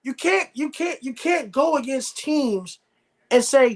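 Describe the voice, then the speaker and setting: A man's voice: very high voice, very animated, unhurried. A man hosting a live sports reaction stream, ranting bluntly and repeating himself. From United States. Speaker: sports show host.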